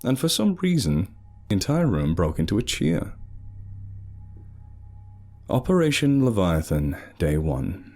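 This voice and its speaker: A man narrating a story in an animated, sardonic way. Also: on the low side, unhurried, long pauses, soft background music.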